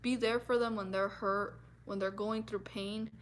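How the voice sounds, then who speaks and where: A woman's voice: mid-range voice, steady tone, unhurried, fairly bright tone, slight background noise. A woman vlogger talking earnestly and from the heart about her feelings, with many fillers and restarts. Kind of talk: personal talk to camera.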